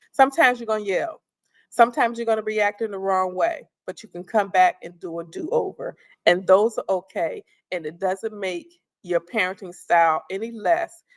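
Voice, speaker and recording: Female presenter, middle-aged, calm and conversational, slightly gravelly tone. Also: mid-range voice. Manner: calm, conversational, repeats phrases. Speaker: parenting workshop presenter. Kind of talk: instructional talk.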